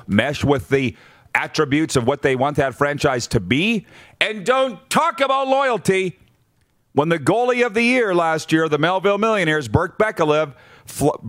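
A man's voice: on the high side, no room sound. Blunt male sports talk host, dry sound. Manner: blunt, numbered-point rundown with frequent restarts.

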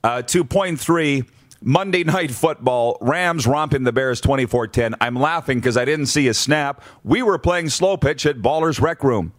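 A man's voice: medium pitch, moderate pace, dry recording, studio quality. A man hosting a sports talk show, running through numbered points with blunt opinions and frequent restarts.

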